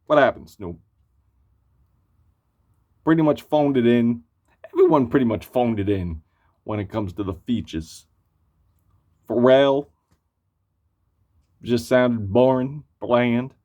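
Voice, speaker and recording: A man of middle pitch gives his verdict on an album in loose, unscripted talk. He is blunt and swears freely, and he circles back on his points with plenty of fillers. The recording sounds muffled and lo-fi. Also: slow pace, pauses often, warm tone. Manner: blunt, profane, rambling with many fillers. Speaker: album reviewer. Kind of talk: casual spoken album review.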